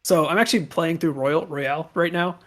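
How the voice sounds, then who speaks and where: A man with a fairly high voice talks very fast in casual podcast chat. He fills his sentences with "like" and laughs between points. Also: fairly even intonation, a bit bright. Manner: quick, laughs often, lots of likes. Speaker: podcast co-host.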